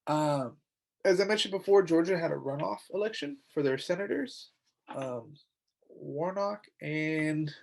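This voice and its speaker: Young guy ranting on his podcast, kinda high voice, tired, lots of ums. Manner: rambling, indignant, many fillers and restarts. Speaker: podcast host. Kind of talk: casual solo commentary.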